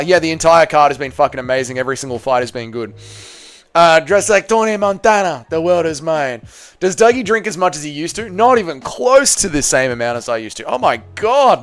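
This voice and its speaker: Australian streamer guy, slightly high, smooth and clear, loose sweary banter with chat. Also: fairly bright tone. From Tasmania, Australia. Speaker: livestream host. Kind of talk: casual livestream chat reacting to fights and chat.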